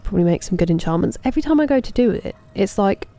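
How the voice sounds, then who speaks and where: A woman in her thirties, a game streamer, chatting casually while she plays, answering chat and muttering softly to herself. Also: mid-range voice, expressive, fast talker. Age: 30s.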